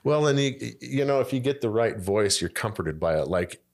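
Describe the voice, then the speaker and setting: A man's voice: mid-range voice, lively intonation, moderate pace, creaky. A man who works as a voice actor, chatting as a podcast guest and often restarting his sentences. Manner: rambling, with frequent restarts and trailing phrases. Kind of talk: casual podcast chat.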